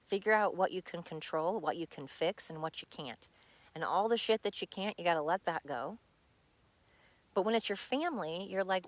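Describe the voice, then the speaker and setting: Blunt, frustrated woman podcast host, low voice. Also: lively intonation, moderate pace. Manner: blunt, frustrated, swears freely. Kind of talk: personal monologue. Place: home. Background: dog nearby.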